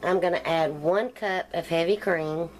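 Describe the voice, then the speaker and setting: Country-accented woman, home-cooking host, slightly low voice, relaxed talk over faint kitchen noise. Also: moderate pace. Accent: Southern US country. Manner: chatty, step-by-step explaining while cooking. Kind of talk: casual cooking demonstration.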